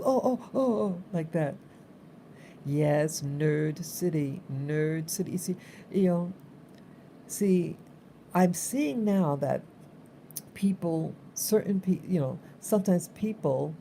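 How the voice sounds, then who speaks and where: A woman's voice: deep voice, creaky, mellow, slight background noise. A woman vlogger telling a story in a casual, rambling way, repeating herself for emphasis.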